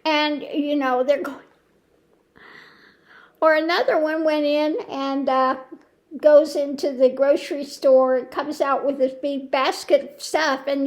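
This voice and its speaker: A woman's voice: sits high, fairly even intonation, slow pace, a little mellow. A woman hosting her own channel, chatting casually at home in a rambling way, with many restarts and exclamations of disbelief. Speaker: tarot channel host. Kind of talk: casual chat to camera.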